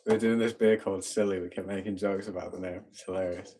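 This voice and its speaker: A man's voice: low voice, steady tone, fast, warm tone. A man co-hosting a casual live stream from a home bar, reading out viewer comments and laughing often. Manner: upbeat, laughs often, talks to his dogs.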